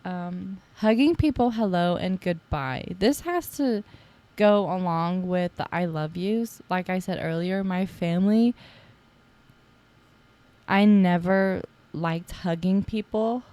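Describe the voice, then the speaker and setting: A young woman hosts her own podcast, chatting on her own in a relaxed, rambling way. Her voice sits a little low for a woman, and she drops in playful teasing asides and plenty of "like"s. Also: slow pace. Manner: chatty and playful, with many fillers like "like". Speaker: podcast host. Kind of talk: casual solo podcast chat.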